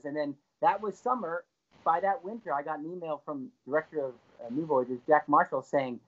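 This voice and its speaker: A man's voice: fairly high pitch, normal speed. A man, an actor and co-author, telling enthusiastic stories as an interview guest. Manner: lively, enthusiastic storyteller. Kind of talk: storytelling interview. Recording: dull lo-fi recording.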